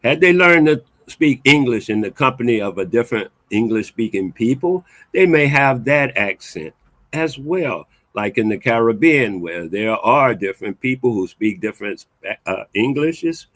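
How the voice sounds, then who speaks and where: A man's voice: medium pitch, animated, moderate pace, a bit bright, dry recording, rough recording. A man in a casual discussion, explaining his view patiently with some hesitations. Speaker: podcast panelist.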